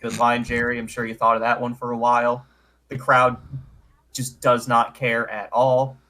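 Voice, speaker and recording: A man in a relaxed podcast chat, walking through an old broadcast beat by beat. His voice sits at a middle pitch, and he delivers the recap with a dry, sarcastic edge. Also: moderate pace. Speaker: podcast co-host.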